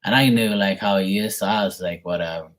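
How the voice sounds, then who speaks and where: A man's voice: low-pitched, a little fast, fairly bright tone. A middle-aged man reading tarot on a live stream, telling a rambling family story in casual chat, swearing and mimicking his relatives. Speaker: tarot reader.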